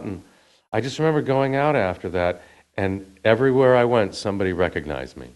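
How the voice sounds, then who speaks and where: A man's voice: fairly low pitch, animated, fairly quick, darkish tone. A male actor telling a casual story in an interview, chatty and laughing often. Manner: chatty, acts out the voices of people he quotes. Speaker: actor and guest.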